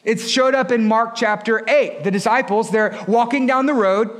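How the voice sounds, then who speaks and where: A man in his thirties preaching a sermon as pastor, moving from quiet, low stretches up to shouted points. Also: moderate pace. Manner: builds from quiet to shouted emphasis.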